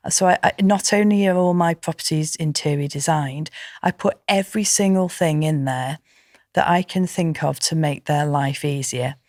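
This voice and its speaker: Low-voiced emphatic woman. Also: normal speed, dry recording, clean studio sound. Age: middle-aged. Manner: emphatic, indignant, animated storytelling. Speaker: podcast guest, professional landlord. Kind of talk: conversational interview.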